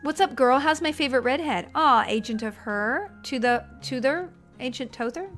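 A woman in her thirties chatting casually while streaming a game, excitable and easily startled. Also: high-pitched, moderate pace, soft background music. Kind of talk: casual gameplay chat.

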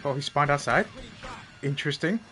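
Excitable high-voiced male gamer. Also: fairly quick, soft background music. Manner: excitable, yelps and laughs, talks to teammate. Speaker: gamer streaming gameplay. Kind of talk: live gameplay commentary. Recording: loud game sirens and traffic behind. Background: game sirens and vehicle noise.

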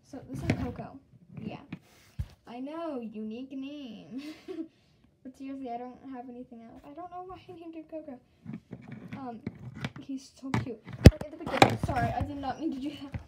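A woman's voice: sits high, moderate pace, very noisy. A woman from the Southern United States giving a casual show-and-tell tour of her toy collection, rambling and giggly, with lots of "um" and "like".

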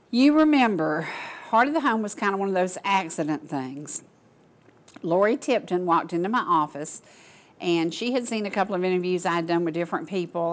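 An older woman from Georgia, hosting a local talk show and chatting casually to viewers in a gushing, folksy way. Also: lowish voice. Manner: gushing, folksy, addresses audience as y'all.

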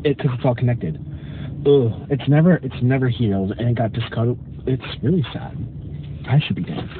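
Sitting in his parked car in a drive-thru line, a man vlogs casually on his phone camera, adopting a campy, mock-haughty tone. His voice is medium-pitched and moderately paced, and the audio is narrow and tinny with a little hiss or hum.

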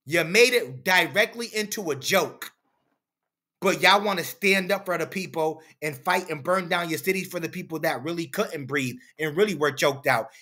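A man's voice: high-pitched, bright, forceful tone. A man hosting a commentary channel, lecturing his audience in a preachy, repetitive way. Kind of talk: opinion commentary over footage.

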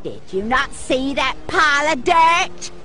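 Marjorie, a shrill townswoman. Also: expressive, a little slow, pushed and bright, faint music behind, heavily acted. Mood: scolding. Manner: shrill, scolding. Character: scolding townswoman street sweeper.

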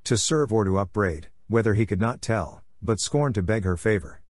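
A man narrating an audiobook with an even, literary reading. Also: on the low side, moderate pace, dry recording, studio quality. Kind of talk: scripted narration.

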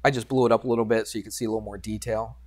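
A man teaching algebra to a class, animated and teasing, coaxing students with questions. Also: fairly low pitch, racing. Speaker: high school math teacher. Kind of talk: classroom lecture.

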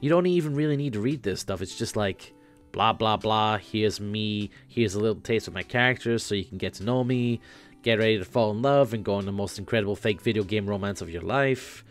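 A man voicing a laid-back, rambling floating teenage boy who acts as a self-aware game guide, a bit higher and louder than his own voice. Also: fairly quick, soft background music, lightly acted.

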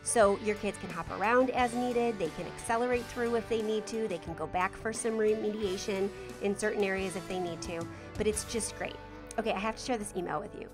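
A woman's voice: medium pitch, a little fast. A woman podcast host doing an enthusiastic sponsor read. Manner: upbeat, enthusiastic endorsement. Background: clear music.

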